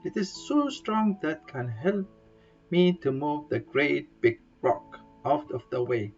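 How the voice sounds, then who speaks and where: Reading a bedtime story at a slow pace, this playful storyteller sounds expressive and a little mellow. Her English is simple and broken, and she adds fun sound effects and high-pitched squeals for the characters over faint guitar in a dull, lo-fi recording.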